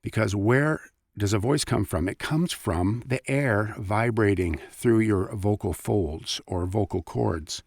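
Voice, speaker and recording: Gravelly-voiced man chatting casually. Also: lowish voice, takes it slowly, hardly any pauses, no echo, clean studio sound. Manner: chatty, rambling, self-interrupting. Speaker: voice actor. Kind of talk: casual vlog talk.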